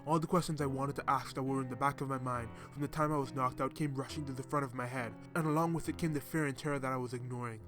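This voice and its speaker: Guy reading a creepy horror story, steady and dramatic, soft music behind. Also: mid-range voice, quick pace, few pauses. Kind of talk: scripted horror narration. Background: faint music.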